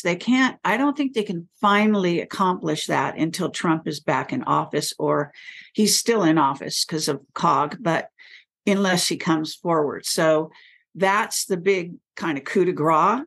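Creaky-voiced woman guest. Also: low voice. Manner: measured, pauses with many fillers. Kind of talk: interview conversation.

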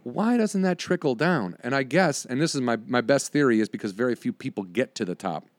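A young adult man in casual chat, telling stories in an animated way, swearing and acting out what people said. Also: medium pitch, a little fast, no room sound. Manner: animated storyteller, swears, acts out exchanges.

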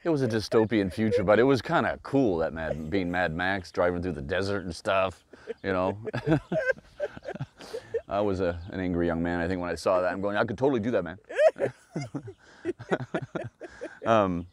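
Low-voiced man in casual chat. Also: moderate pace, long pauses, no echo. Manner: animated, acts out voices of others; frequent restarts and "you know". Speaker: podcast host. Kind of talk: casual conversation.

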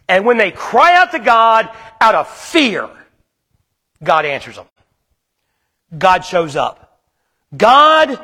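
High, bright-voiced male preacher. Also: big-room sound. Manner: casual, conversational preaching with acted-out asides. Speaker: pastor. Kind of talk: sermon.

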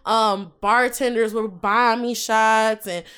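A woman's voice: a little high, slow, smooth. A young woman chatting casually on a podcast, telling stories with lots of laughter. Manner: laughs a lot, animated storytelling. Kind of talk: casual chat.

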